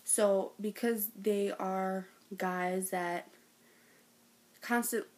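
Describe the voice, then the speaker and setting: A woman's voice: mid-range voice, steady tone, drawn-out words, darkish tone. A young woman vlogging a story straight to her camera at home. She gushes and rambles, stringing everything together with "like" and "oh my God", and keeps slipping into giggles as she relives it. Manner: gushing, breathless, lots of "like" and "oh my God"; bursts into giggles when retelling. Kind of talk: excited storytelling vlog.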